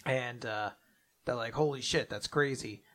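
A man co-hosting a casual manga discussion, retelling chapters loosely with profanity and quick character voices. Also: mid-range voice, a bit bright. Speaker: podcast co-host. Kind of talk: casual manga recap chat.

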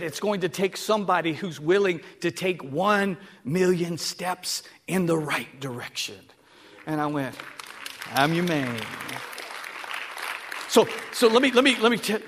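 A man preaching a sermon, dropping to a hush and then rising to shouts. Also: high voice, expressive, moderate pace. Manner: swings from hushed to shouting. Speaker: pastor.

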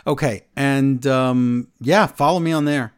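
A man hosting a casual wrestling podcast, recapping the show in excited, animated bursts. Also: medium pitch, a little slow, clean tone. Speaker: podcast host.

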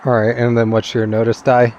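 A man's voice: mid-range voice, monotone, a little fast, darkish tone. Casual man running a tabletop game. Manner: casual, hesitant, with fillers. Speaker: game master.

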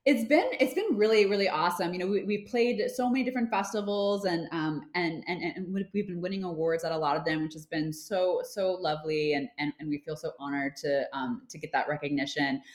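A woman's voice: lowish voice, fairly quick, few pauses. A woman in her thirties, a film producer chatting as an interview guest, talking casually with many fillers and restarts. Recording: roomy echo.

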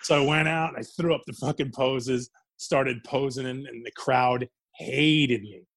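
A man's voice: mid-range voice, a little slow, a bit bright. A man telling wrestling stories in a casual interview, swearing freely and laughing as he goes. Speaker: guest, former wrestler.

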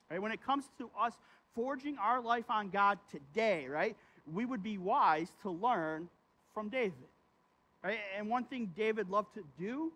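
A man's voice: high voice, a bit bright. A man preaching a sermon as pastor in a conversational way, tagging his points with "right?" and reading scripture aloud with feeling. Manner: conversational, keeps asking "right?".

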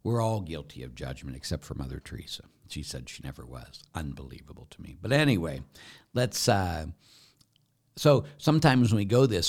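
A man's voice: deep voice, sing-song, moderate pace, darkish tone. A man, a Catholic priest and pastor, answering questions in an earnest, candid, conversational preaching style, sometimes dropping almost to a whisper for emphasis.

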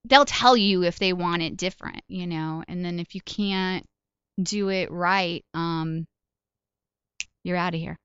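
Smooth-voiced chatty woman comedian. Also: fairly low pitch, measured pace, a bit bright, dry recording, highs cut off. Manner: chatty, laughing, self-deprecating storyteller. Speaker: guest comedian and voice actor. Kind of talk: casual interview chat.

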